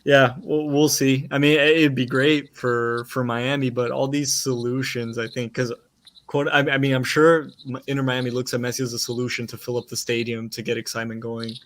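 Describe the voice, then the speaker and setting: This is a man giving his take on a soccer chat show. He speaks in an even, level tone with little melody, and he hedges with fillers and false starts as he goes. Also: mid-range voice, normal speed. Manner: hesitant, many fillers and restarts. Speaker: soccer podcast panelist. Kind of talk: casual chat.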